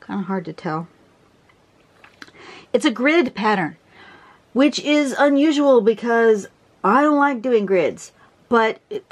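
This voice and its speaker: Chatty woman teaching a drawing pattern. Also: medium pitch. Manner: chatty, rambling with fillers. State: out of breath. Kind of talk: casual drawing tutorial.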